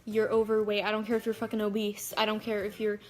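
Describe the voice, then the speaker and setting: A woman's voice: medium pitch, monotone, fast, darkish tone, faint music behind. A teenage girl vlogging to her phone camera, chatty and frank, swearing freely and filling her talk with "like". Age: teens. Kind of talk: casual rant to camera.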